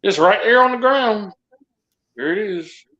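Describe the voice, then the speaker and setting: A man with a slightly high voice telling a story slowly and hesitantly in casual chat. The recording sounds dull and lo-fi. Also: lively intonation, pushed and bright, roomy sound.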